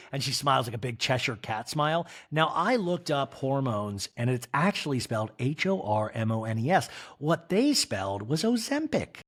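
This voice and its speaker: A man's voice: mid-range voice, sing-song, moderate pace, hardly any pauses, fairly bright tone. A man hosting a podcast, recapping reality TV in a campy, theatrical way and mimicking the cast. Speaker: podcast host.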